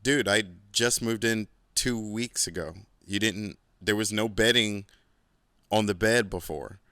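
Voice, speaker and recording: Low-voiced man telling a rambling story. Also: unhurried, sharp tone, clear, resonant tone, dry recording, clean studio sound. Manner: rambling and profane, heavy use of "like"; laid-back, boastful asides. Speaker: podcast host. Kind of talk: casual storytelling monologue.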